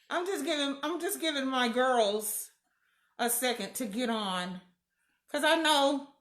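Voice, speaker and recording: A woman's voice: high-pitched, a bit bright. A woman hosting a casual live stream from home, greeting viewers by name and laughing often. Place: room at home. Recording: echoey room.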